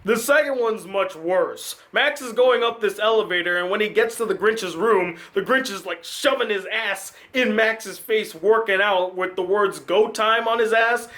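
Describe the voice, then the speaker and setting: A man hosting his own channel, giving a casual, sarcastic film review with animated ranting. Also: high-pitched, moderate pace, hardly any pauses. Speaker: film critic and channel host.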